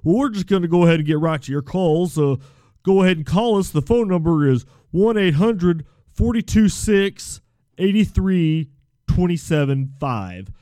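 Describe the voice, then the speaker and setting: A man plays a folksy call-in advice host with a put-on Texas drawl. His voice is mellow and smooth, sitting a bit high, recorded close and dry. He stumbles and rambles in an easygoing way. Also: animated, moderate pace, no echo. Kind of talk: comedic call-in radio sketch.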